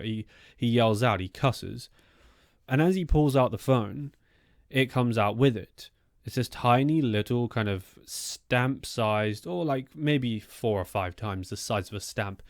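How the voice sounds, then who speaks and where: A man's voice: medium pitch, darkish tone, no echo, clean studio sound. A man narrating an eerie true-life story in a loose, conversational way, with asides and fillers.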